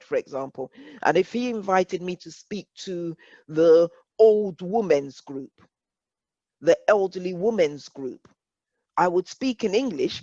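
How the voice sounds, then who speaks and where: A woman's voice: fairly low pitch, darkish tone, no echo. Woman facilitator, dull dry recording. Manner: earnest, reflective, repeats words when explaining. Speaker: workshop facilitator. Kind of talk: conversational workshop discussion.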